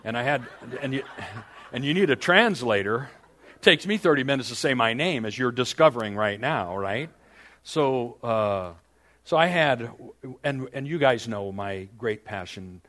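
A man's voice: mid-range voice, expressive, a little slow, a bit bright. An older man, a pastor, telling a personal story in a sermon, with self-deprecating humor, his voice rising and then dropping to a near whisper.

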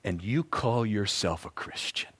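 A man's voice: expressive, a bit bright. A man doing a hissing snake-voiced Satan. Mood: sneering. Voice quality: hissing low whisper. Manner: mocking, accusing, drawn-out. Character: whispering sneering male Satan, a serpent tempter.

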